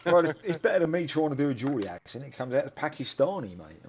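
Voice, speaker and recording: A man chatting casually while playing a flight game, teasing his friends and quick to laugh. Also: mid-range voice, big pitch swings, darkish tone, a little hiss or hum. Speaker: co-host on a gaming stream. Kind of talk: casual gaming chat. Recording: dull lo-fi mic.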